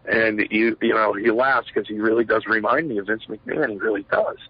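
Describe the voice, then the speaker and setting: The former pro wrestler, a middle-aged man, spins rambling stories in a shoot interview, heavy on fillers and acted-out quotes. He speaks fairly quickly in a fairly low, steady voice with a breathy edge. The audio is lo-fi, dull and dry.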